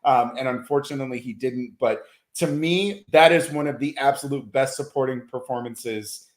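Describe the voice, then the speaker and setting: A man's voice: mid-range voice, moderate pace. Hesitant male film critic, roomy sound. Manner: thoughtful, lots of ums and restarts. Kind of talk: casual awards-preview chat. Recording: roomy echo.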